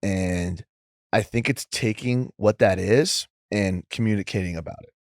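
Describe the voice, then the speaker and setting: A young man talking as a podcast guest in a rambling, casual way, saying "like" a lot and quoting others in lively voices. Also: on the low side, unhurried, dry recording, studio quality. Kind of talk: casual interview chat.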